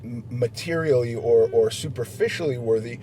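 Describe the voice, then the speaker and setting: A middle-aged man talking candidly and reflectively as a guest in casual chat, often halting and restarting. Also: mid-range voice, mellow, slight background noise.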